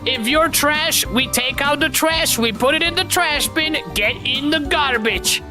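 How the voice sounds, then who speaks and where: A high-pitched woman streamer talks in a slow, drawn-out way while she jokes loudly over a party game. Music plays clearly behind her voice. She laughs often and swears freely. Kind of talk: live game stream commentary.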